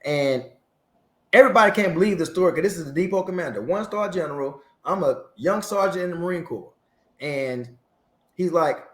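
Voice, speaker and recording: Lively storytelling man in an echoey room. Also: fairly high pitch, a little fast. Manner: lively storyteller who acts out dialogue. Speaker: guest, Marine veteran. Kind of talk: storytelling interview. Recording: roomy echo.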